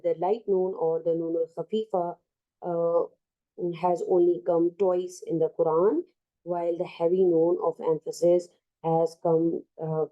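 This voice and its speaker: A woman with a South Asian English accent teaching an online Arabic grammar lesson, explaining slowly with many fillers and restarts. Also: fairly low pitch, narrow, tinny audio.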